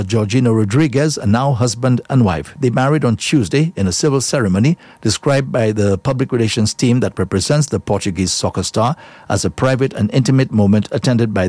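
A man reading scripted news bulletins in a steady, measured delivery. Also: mid-range voice, dry recording. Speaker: newsreader.

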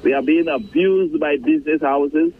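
A man's voice: a little high, normal speed, gravelly, a little hiss or hum. A Saint Lucian man on a call-in radio show, complaining with emphatic, repeated phrases. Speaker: caller. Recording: phone line.

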